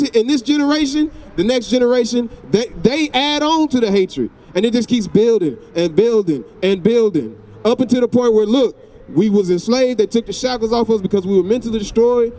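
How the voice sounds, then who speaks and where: A man's voice: very high voice, a little mellow. A man with a Southern US accent preaching on a city street, asking pointed questions and repeating phrases for emphasis.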